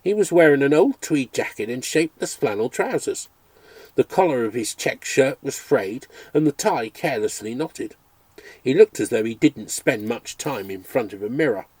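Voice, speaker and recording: A man reading a memoir aloud as a storyteller, expressive and engaged. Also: medium pitch, normal speed, slightly rough, no room sound. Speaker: audiobook reader.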